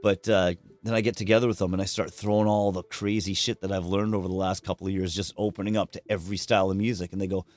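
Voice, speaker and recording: A man, a musician guest on a podcast, telling stories in a candid, profane, animated way and acting out what others said. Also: sits low, fast talker, few pauses, no room sound, faint music behind. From Canada. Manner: candid, profane, animated storyteller who acts out quotes. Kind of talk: casual conversational storytelling.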